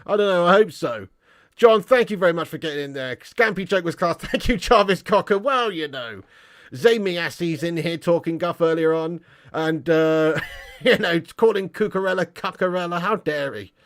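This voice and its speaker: A man's voice: a little high, lively intonation, moderate pace. A man hosting a football livestream, chatting casually, joking and laughing with British slang as he reads viewer messages. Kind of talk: casual livestream chat reading super chats.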